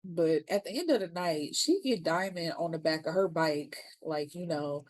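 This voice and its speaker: A woman's voice: low-pitched, animated, normal speed, no echo. A woman recapping a TV episode in a casual, slangy way, acting out the characters' lines as she goes. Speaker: TV series reviewer.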